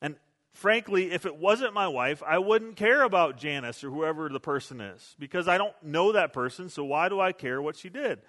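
A man's voice: on the high side, lively intonation, normal speed, a bit bright, big-room sound. A male pastor preaching a sermon in a conversational, self-deprecating storytelling way, recorded in a church sanctuary.

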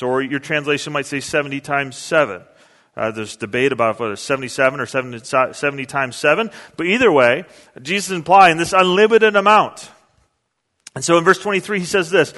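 Male pastor, earnest conversational sermon delivery, slightly high voice, long reverb of a hall. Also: moderate pace, sharp tone. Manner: earnest, conversational preaching with restarts.

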